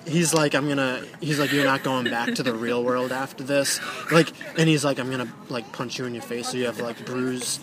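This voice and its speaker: A man's voice: mid-range voice, steady tone, brisk, few pauses, background noise. Rambling young man. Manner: rambling, filler-heavy, profane. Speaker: storyteller guest. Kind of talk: casual storytelling.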